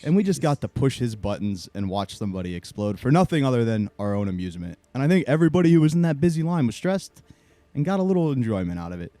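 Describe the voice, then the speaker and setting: Animated storytelling podcast man. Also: mid-range voice, fast talker, no room sound. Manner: animated, acts out other people's lines. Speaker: podcast co-host. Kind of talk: casual comedic storytelling.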